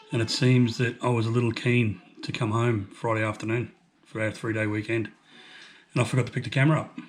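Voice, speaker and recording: An older man with an Australian accent talks to camera in a relaxed, joking way, his pitch sitting mid-range. A faint hiss of background noise runs under his voice. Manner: easygoing, jokey, playful with his granddaughter. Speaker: truck driver vlogger. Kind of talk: casual chat to camera.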